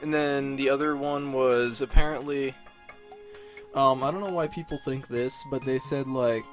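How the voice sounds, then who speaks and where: A man's voice: medium pitch, fairly even intonation, normal speed, soft background music. A young man from Illinois answering viewer questions in a casual vlog, rambling, swearing, and filling his talk with "like" and "um". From Illinois, USA. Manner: rambling, profane, self-deprecating, lots of fillers. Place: dark room, alone.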